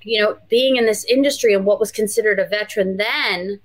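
A woman's voice: mid-range voice, brisk, no echo, poor audio. Reflective woman guest, easy conversational tone. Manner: reflective, many restarts and fillers. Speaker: podcast guest, pro wrestler. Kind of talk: casual interview chat.

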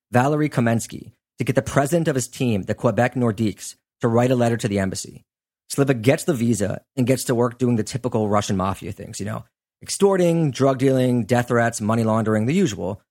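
A man in the middle of his usual pitch tells a true-crime story to a co-host. His talk is easy and conversational, with many fillers. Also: a little fast, darkish tone. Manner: conversational, loose, lots of fillers. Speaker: podcast host; sports journalist. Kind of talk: casual storytelling chat.

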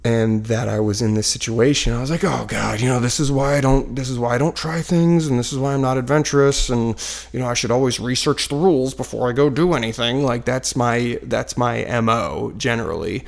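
A man in his thirties tells a story from his couch at home, with a gravelly voice and a mid pitch. He rambles in a casual, self-deprecating way, full of fillers and restarts. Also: brisk. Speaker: vlogger telling a personal story. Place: living room couch at home, dog barking nearby.

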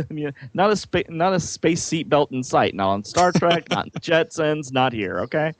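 A man's voice: a little high, very animated, moderate pace, a little hiss or hum. A man casually reading comic-book dialogue aloud, adding joking asides and laughing often.

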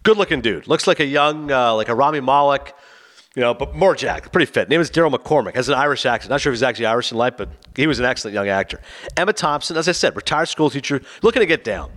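A man's voice: medium pitch, fast talker. A man casually retelling a film's plot, acting out the characters' lines. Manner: animated, acts out both characters' lines. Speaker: film reviewer.

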